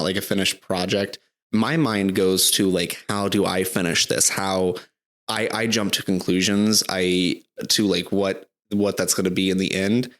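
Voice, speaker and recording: A young man co-hosting a podcast in casual chat, halting often with restarts and fillers. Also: fairly low pitch, fairly bright tone. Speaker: podcast co-host.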